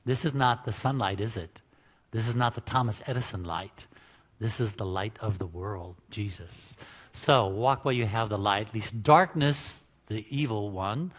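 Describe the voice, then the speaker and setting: A man's voice: lowish voice, normal speed. A man giving an informal, joking talk at a church health seminar, chatting with the audience and laughing at his own lines. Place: church hall before an audience. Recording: reverberant church hall.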